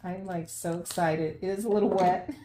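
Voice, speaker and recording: A woman unboxing plants in a casual vlog at home, gushing with excitement and laughing often. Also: fairly low pitch, a little slow, echoey room, a little hiss or hum. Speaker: plant vlogger. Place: home, unpacking at the sink.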